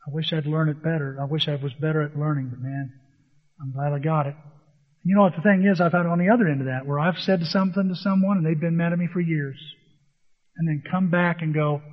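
A male pastor preaching a sermon, telling stories in an animated way and acting out the dialogue. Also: fairly high pitch, brisk. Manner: animated storytelling, acts out dialogue. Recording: dull, long reverb in a hall.

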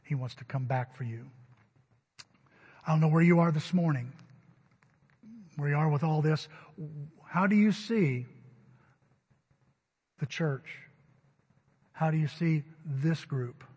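A man preaching a Sunday sermon as pastor, emphatic and rising to loud stresses. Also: fairly high pitch, takes it slowly, pauses often, slightly rough. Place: church sanctuary. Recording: dull recording with long hall reverb.

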